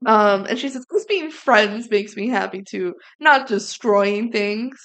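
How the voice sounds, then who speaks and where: A woman co-hosting a podcast, chatting casually and acting out bits of dialogue as she recaps a movie. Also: mid-range voice. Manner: animated, acts out character lines in quick impressions. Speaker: podcast co-host.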